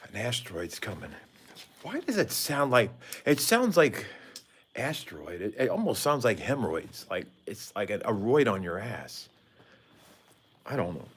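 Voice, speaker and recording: A man rambling casually and joking with viewers during a live stream, talking into his phone on a side porch outdoors. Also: medium pitch. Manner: rambling, jokey, talks to viewers. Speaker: vlogger. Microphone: phone held by hand.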